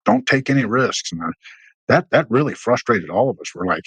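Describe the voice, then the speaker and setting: An expressive, fairly quick speaker, this middle-aged man, a veteran guest, has a husky, slightly bright voice. He tells war stories in a casual interview, rambling with plenty of restarts and fillers and acting out quoted dialogue at a higher pitch. The audio has no echo but is poor.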